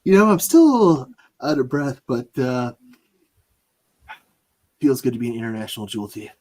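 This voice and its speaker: A man's voice: mid-range voice, big pitch swings, moderate pace, a little mellow, lightly acted. A man voicing a cocky male deer who is a jewel thief, a little out of breath. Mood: smug. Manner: breathless, laid-back.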